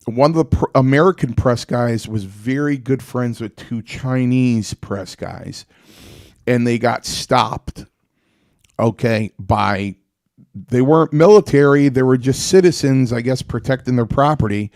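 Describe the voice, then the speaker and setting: A man in casual conversation, circling back with fillers and repeated starts as he tells a story. His voice sits at an ordinary middle pitch and is recorded close and dry. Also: measured pace, darkish tone, dry recording. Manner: rambling, many restarts and fillers. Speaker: podcast host. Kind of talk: casual chat.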